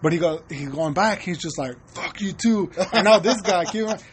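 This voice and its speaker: A young man casually telling a story on a podcast, animated and profane. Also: high-pitched, a little fast, a little hiss or hum. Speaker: podcast co-host.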